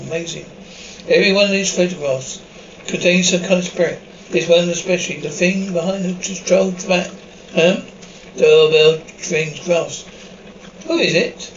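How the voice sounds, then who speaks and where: A man reading subtitles and sound cues aloud in an even, unhurried way. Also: fairly high pitch. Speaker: reader of captions. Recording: dull lo-fi recording with faint hiss.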